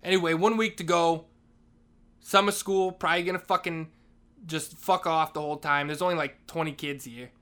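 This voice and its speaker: A man's voice: fairly high pitch, fairly even intonation, moderate pace, a bit bright, clear, resonant tone. A man playing a school janitor, ranting in a crude, profane comic monologue. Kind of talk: comedic monologue.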